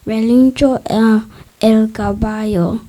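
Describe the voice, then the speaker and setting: Slow, mellow woman reading aloud. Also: a little high, fairly even intonation, poor audio. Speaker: storyteller at a school festival. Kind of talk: reading a picture book aloud.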